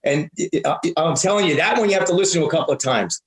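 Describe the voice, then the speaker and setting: A man's voice: on the high side, lively intonation. A man in his fifties, a comedian guest in a casual interview, talking bluntly with lots of restarts and the odd curse. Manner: halting, many restarts, blunt and profane. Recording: roomy echo.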